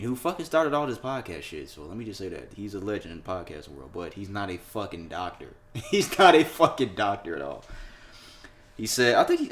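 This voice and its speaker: A man co-hosting a podcast, talking in loose, profane banter and laughing as he goes. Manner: animated, laughing, profane banter with sudden jumps in pitch and volume. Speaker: podcast co-host. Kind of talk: casual chat.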